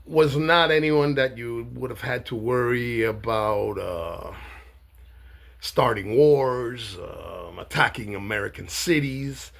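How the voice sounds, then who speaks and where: A man's voice: mid-range voice, takes it slowly, creaky, fairly bright tone. A man giving a rambling, sarcastic monologue to camera, with many hesitations and filler sounds. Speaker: commentator.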